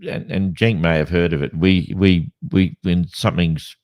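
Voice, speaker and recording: Deep-voiced Australian man in casual chat. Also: moderate pace, dull audio. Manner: rambling, animated storyteller with many restarts. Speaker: podcast co-host. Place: Western Australia.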